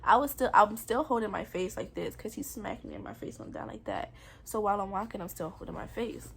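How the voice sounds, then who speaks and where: A woman's voice: mid-range voice, very animated, a little fast, gravelly, a bit bright, slight background noise. Young woman telling a candid story. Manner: candid, earnest, casual slang. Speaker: vlogger. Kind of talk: personal storytime vlog.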